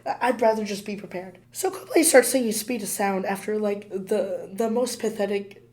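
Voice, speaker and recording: A hoarse woman co-hosting a podcast, telling a story in an excitable way, laughing often and filling her talk with "like". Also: medium pitch, moderate pace. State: hoarse from illness. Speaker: podcast co-host. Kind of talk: casual chat, animated storytelling.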